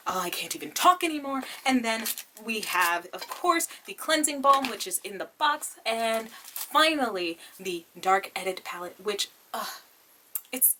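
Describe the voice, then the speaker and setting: A woman's voice: medium pitch, bright, forceful tone, slight background noise. A young woman vlogger chatting through an unboxing, gasping and gushing, often saying "y'all". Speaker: beauty vlogger. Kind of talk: excited unboxing chat.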